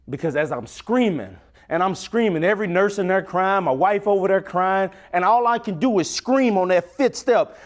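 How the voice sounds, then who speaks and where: A young man giving a motivational keynote on a conference stage, swinging from loud to near-whisper with a preacher-like cadence. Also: sits high, lively intonation, unhurried, soft background music. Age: young adult. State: choked up and crying at times. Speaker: motivational speaker.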